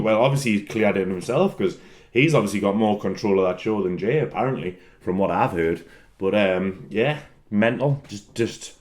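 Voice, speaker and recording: Giggly man rambling and laughing. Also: mid-range voice. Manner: giggly, bursts into loud laughter, swears freely; rambling, repeats words for comic effect. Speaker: wrestler answering fan questions. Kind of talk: solo casual chat.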